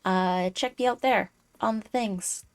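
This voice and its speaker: A woman's voice: mid-range voice, measured pace, smooth. A woman hosting a live-streamed chat show, rambling through her list with lots of "uh"s. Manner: rambling, full of fillers. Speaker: host.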